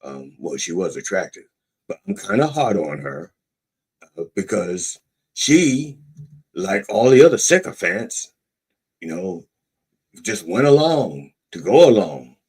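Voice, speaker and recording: A man as a middle-aged podcast host with a low, slightly husky voice that rises and falls in wide, lively swings. He reads news aloud, then breaks off into profane, sarcastic asides with a mock-preacher flair. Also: takes it slowly, long pauses. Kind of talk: irreverent satirical commentary.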